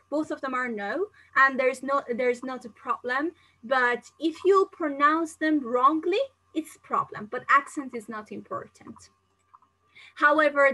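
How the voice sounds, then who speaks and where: Bright-voiced young female teacher. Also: high voice, low-quality recording. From not Turkey, living there. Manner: chatty, explains with many examples and fillers. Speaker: English teacher answering live questions. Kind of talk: live Q&A lesson.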